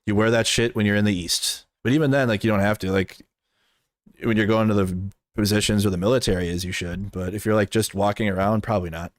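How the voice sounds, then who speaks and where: A man's voice: lowish voice, fairly even intonation, quick pace, no room sound, clean studio sound. A man in casual stream commentary, talking in a blunt, rambling and profane way, with lots of "like".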